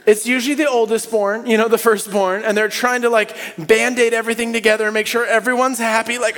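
Male pastor, high voice, animated sermon delivery, echoing sanctuary. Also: quick pace, few pauses. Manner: animated, swings from hushed to loud and high when acting out people. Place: church sanctuary. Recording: long hall reverb.

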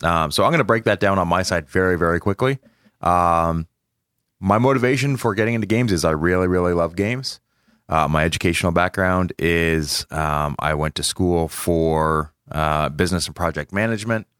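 Low voiced guy cohosting a podcast, chill and teasing, dry mic. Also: fairly bright tone, smooth, dry recording. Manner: laid-back, teasing, dry humor. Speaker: podcast co-host at a game studio. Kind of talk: casual podcast chat.

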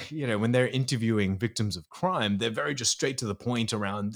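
Earnest man, lowish voice. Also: fairly quick. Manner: earnest, explanatory, slips into acting out inner voices. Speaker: psychologist guest. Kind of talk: podcast interview.

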